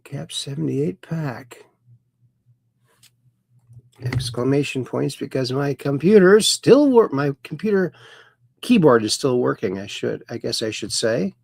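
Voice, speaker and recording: A man's voice: medium pitch, sing-song, a little slow, creaky, pauses often, darkish tone, breathy edge, no echo, clean studio sound. A man hosting a casual livestream, reading viewers' chat messages aloud in a folksy, playful sing-song way. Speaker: host.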